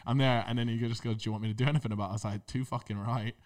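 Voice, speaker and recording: Young man, podcast co-host, mid-range voice, animated slangy storyteller. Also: mid-range voice, racing. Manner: animated storyteller, slangy, lots of repeated fillers. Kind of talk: casual storytelling chat.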